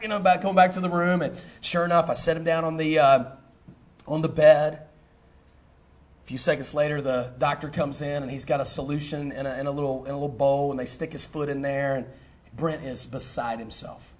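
A middle-aged man, a pastor telling a personal story in a sermon, animated and full of fillers and restarts. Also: fairly high pitch, a little fast. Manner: animated, repeats himself, lots of fillers.

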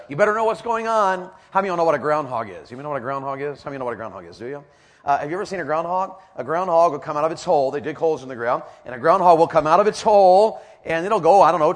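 A middle-aged man preaching a sermon, folksy and repetitive, calling out questions to the crowd. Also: fairly high pitch. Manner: folksy, repeats lines, calls out to the audience. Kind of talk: sermon with stories.

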